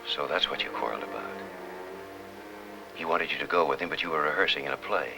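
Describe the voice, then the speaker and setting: An actor playing a middle-aged hospital chaplain in a 1950s television drama, asking calm, earnest questions. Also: male voice, very deep voice, fast, gravelly, music in the background, poor audio.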